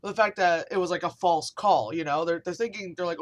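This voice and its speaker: A woman's voice: fairly low pitch, brisk. A woman telling a story in a casual vlog rant, rambling and swearing, with lots of fillers. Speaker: vlogger.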